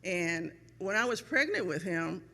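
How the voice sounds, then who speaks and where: A middle-aged woman giving an emotional, grateful speech as a parent at a ceremony, with many pauses and ums. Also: fairly low pitch, sing-song, creaky, pushed and bright, in a large hall. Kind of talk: heartfelt speech. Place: event hall.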